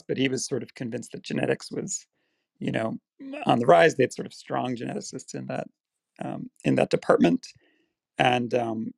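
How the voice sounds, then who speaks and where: A man in his forties from Ireland with a slight South Dublin accent, a guest talking in a relaxed, thoughtful way with frequent fillers. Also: medium pitch, gravelly, dry recording. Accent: slight South Dublin Irish. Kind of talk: casual interview chat.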